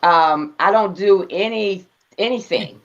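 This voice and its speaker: A woman's voice: mid-range voice, slow pace, fairly bright tone. Earnest woman guest, dull lo-fi sound. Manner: earnest and emotional, laughs between phrases. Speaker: guest author. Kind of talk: conversational interview.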